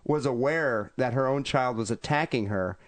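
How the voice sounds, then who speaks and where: A man co-hosting a podcast talks in a mid-pitched, ordinary voice. His retelling is casual and irreverent, full of dark jokes. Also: moderate pace. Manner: joking, irreverent. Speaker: podcast co-host. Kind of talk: casual chat, retelling a news story.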